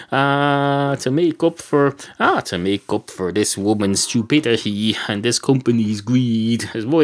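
A man voicing a fussy, sarcastic male cat customer who rambles and swears indignantly. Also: medium pitch. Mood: grumbling.

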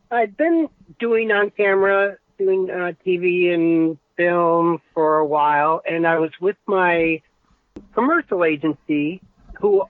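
A man, a guest voice actor, telling anecdotes casually and animatedly, his voice a little rough this morning. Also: high-pitched, no echo. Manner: animated, quotes people in changed voices. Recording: thin phone-like call audio.

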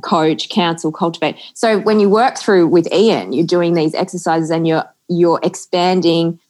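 Eager woman host, lowish voice. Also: a little slow, a little mellow. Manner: eager, agreeing, explains with lists of examples. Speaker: podcast host. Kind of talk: casual podcast chat.

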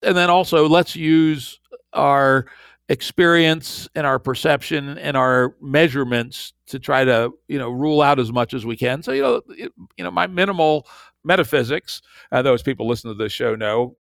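A man's voice: mid-range voice, moderate pace, vocal fry, a bit bright, no echo. An older man hosting a podcast, arguing his views in a blunt, wry, conversational way. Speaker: podcast host. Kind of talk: casual conversational interview.

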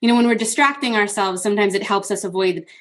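A woman's voice: medium pitch, fast talker. A woman hosting an interview in a casual, reflective way. She uses plenty of fillers and has a mid-range voice. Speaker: interview host. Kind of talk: casual chat.

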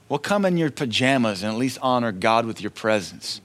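A man preaching a sermon in an easy, conversational way. He slips into short acted quotes along the way, and his voice sits at an everyday middle pitch. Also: expressive, brisk, hardly any pauses, a bit bright. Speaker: pastor.

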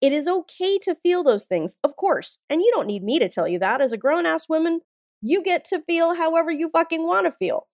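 Her voice extremely high-pitched and expressive, a woman in her forties hosts a motivational podcast at a fairly quick pace. She's blunt, emphatic, and punchy, swearing plenty, and the recording is dry studio sound with faint music.

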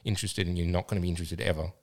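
A man's voice: low-pitched, fairly even intonation, rapid-fire, a little mellow. A man co-hosting a casual podcast chat, laughing easily and telling stories. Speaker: co-host.

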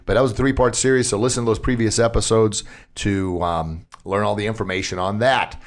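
A man's voice: fairly low pitch, fairly even intonation, brisk. A middle-aged man hosting a podcast from a studio, talking casually and upbeat, laughing at his own slips. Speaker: podcast host. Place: recording studio.

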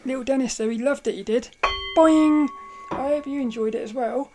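A woman hosting a casual solo podcast, telling a story in a rambling, animated way, often laughing and restarting her sentences. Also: fairly high pitch, quick pace, over music. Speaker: podcast host.

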